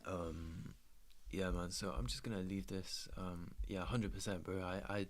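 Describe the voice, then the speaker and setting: A man's voice: low-pitched, steady tone, a little slow. A young man chatting casually while trading, laid-back and slangy, swearing freely. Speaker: trader streaming his trading. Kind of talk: casual chat.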